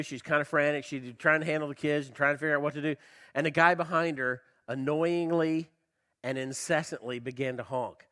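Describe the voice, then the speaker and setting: A male pastor preaching a sermon, asking the congregation questions and swinging between loud emphasis and quiet low lines, with a slight cough. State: slight cough, tickle in throat. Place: church.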